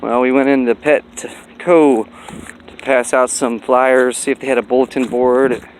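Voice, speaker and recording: A man's voice: mid-range voice, little pitch movement, unhurried, slight background noise, poor audio. A man vlogging outdoors by a busy road, in a rambling, folksy way with lots of fillers. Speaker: dog breeder vlogger. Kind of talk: casual walking vlog.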